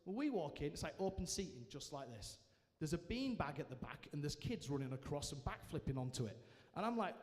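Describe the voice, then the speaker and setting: A man giving a personal testimony to a live audience, telling it as a lively story with self-mocking humour. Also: on the high side, a little fast. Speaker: guest speaker sharing his testimony. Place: large church hall, indoors. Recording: reverberant church hall.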